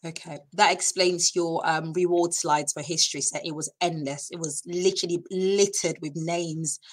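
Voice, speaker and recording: A woman's voice: lowish voice, steady tone, normal speed, low-quality recording. A woman, chatty and encouraging, hosting an online school session from a computer mic. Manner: chatty, encouraging, many fillers. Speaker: school staff presenter.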